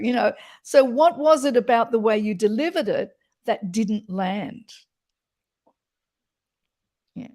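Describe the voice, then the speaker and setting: A woman's voice: on the high side, measured pace, pauses often, darkish tone. A woman voice coach explaining voice qualities in an interview, talking expressively and demonstrating as she goes.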